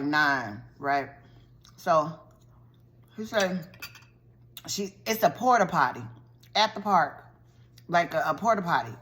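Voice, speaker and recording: A woman vlogger recapping a TV show's plot in a lively, colloquial storytelling style, full of slangy asides. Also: on the low side. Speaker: vlogger reviewing a TV show.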